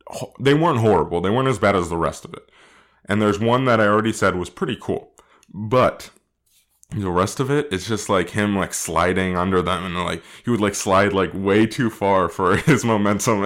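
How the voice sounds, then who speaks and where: Male co-host, low-ish voice, casual movie review chat, animated and full of laughs and fillers.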